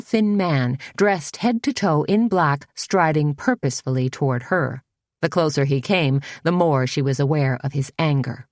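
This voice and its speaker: A woman narrates a novel in a measured, unhurried way. Her voice is somewhat low, and the recording is dry and close, with no room sound. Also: dry recording. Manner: measured, even storytelling. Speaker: audiobook narrator. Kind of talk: scripted narration.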